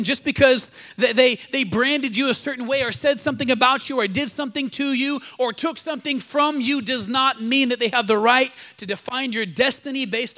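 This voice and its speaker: A man's voice: very high voice, sharp tone. A male pastor preaching a sermon at a church service, emphatic and exhortative, leading the congregation in call-and-response.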